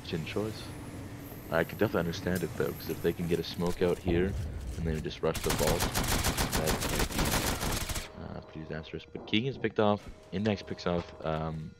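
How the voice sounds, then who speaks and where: A man giving relaxed esports color commentary, recapping the plays step by step. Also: deep voice, fairly quick, background noise.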